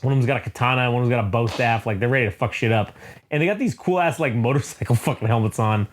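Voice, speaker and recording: A man co-hosting a comic review show, retelling an issue in loose casual chat. He swears constantly and slips into quick voices for the characters. His voice sits at an ordinary middle pitch. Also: a little hiss or hum. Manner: profane, animated, acts out characters in quick voices. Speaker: comic review podcast co-host.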